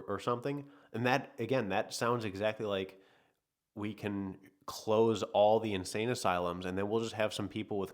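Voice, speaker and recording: Low-voiced man hosting a loose livestream chat. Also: fairly bright tone. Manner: rambling, loose and thinking aloud, often hedging. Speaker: podcast host reading live chat.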